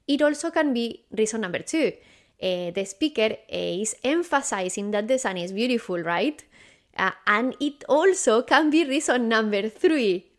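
A woman, a teacher, giving a patient, methodical grammar lesson in English and correcting herself now and then. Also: mid-range voice. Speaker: Spanish teacher.

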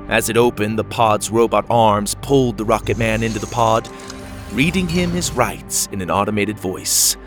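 Low-voiced male storybook narrator. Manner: steady, descriptive read-aloud.

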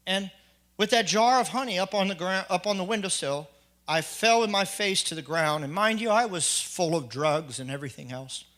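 A man giving a spoken personal testimony, earnest and halting, often restarting his sentences. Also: sits high, bright, forceful tone. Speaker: testimony speaker.

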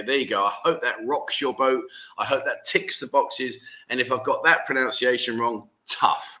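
Chatty bright-voiced man host. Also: mid-range voice. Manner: chatty, jokey, teasing. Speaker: livestream host. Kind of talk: casual livestream chat reading comments.

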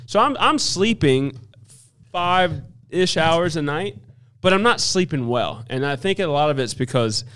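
Animated young man, lively pitch. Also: a little slow, clear, resonant tone. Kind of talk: casual chat.

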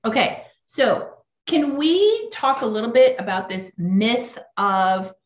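A woman hosts a conversational podcast interview in a brisk, direct, pragmatic way. Her voice sits fairly high, and the room around her is echoey. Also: expressive. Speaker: podcast host.

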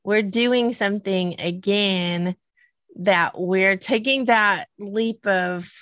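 A woman with a Southern US accent co-hosting a podcast, enthusiastic and quick to laugh. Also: mid-range voice, fairly bright tone, no echo. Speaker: podcast co-host. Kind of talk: casual podcast chat.

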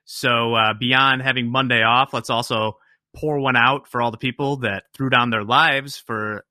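A man's voice: mid-range voice, steady tone, unhurried, sharp tone, no room sound, studio quality. A man hosting a podcast in casual chat, joking and laughing at his own slips. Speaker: podcast host.

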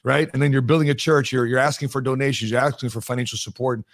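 A middle-aged man talks as an interview guest at an ordinary pitch and tells his stories with energy, playing out every bit of dialogue. The sound is dry and close, with no room around it. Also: fast, no echo. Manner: animated storyteller who acts out quoted dialogue. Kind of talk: conversational interview storytelling.

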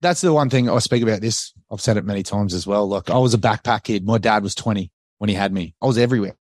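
A man's voice: lowish voice, fast, no echo, clean studio sound. An Australian man in his forties hosting a podcast, talking in a friendly, matey way. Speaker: podcast host. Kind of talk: casual podcast chat.

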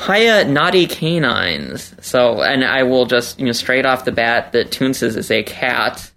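Male podcast co-host, gravelly, rambling casual delivery. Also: medium pitch, level tone, a little slow, sharp tone. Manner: chatty, rambling with many fillers. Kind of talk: casual book club podcast chat.

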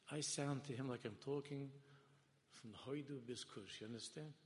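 A man giving a Torah lecture as a rabbi, impassioned and shifting from loud emphasis to hushed tones, mixing Hebrew and Yiddish terms into English. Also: medium pitch, normal speed. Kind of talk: sermon-style Torah lecture. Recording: long hall reverb.

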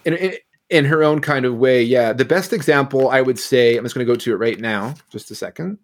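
A man in a relaxed podcast conversation, talking about a book in a thoughtful, meandering way. His pitch sits mid-range, and his phrasing is loose and unhurried. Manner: thoughtful, loose, many fillers. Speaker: podcast co-host. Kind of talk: casual book discussion.

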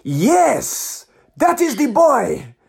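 A man putting on a Nigerian accent to voice an excitable taxi driver who gushes praise and repeats himself. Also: extremely high pitch, extremely slow, gravelly, slightly rough, pitched above the performer's own voice, exaggerated voice. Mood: gushing. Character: cheerful gushing Nigerian male taxi driver.

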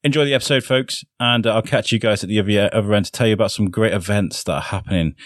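A podcast host talks into a close mic in a dry, deadened room. His voice sits fairly low, and he rambles cheerfully with plenty of fillers, often poking fun at himself. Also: quick pace, no room sound. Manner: chatty and self-deprecating, rambling with fillers. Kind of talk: solo podcast intro, casual chat.

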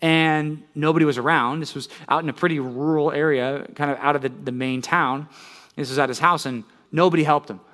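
Conversational preacher, man with higher pitch. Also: steady tone, brisk, fairly bright tone. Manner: conversational, frequent "right?" questions to listeners; storytelling with rising intensity. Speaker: pastor. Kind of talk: sermon.

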